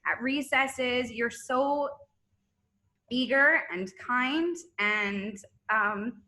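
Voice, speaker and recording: A woman's voice: a little high, extremely slow, pushed and bright. A woman teacher giving an emotional farewell speech on a video call, laughing through tears and choking up.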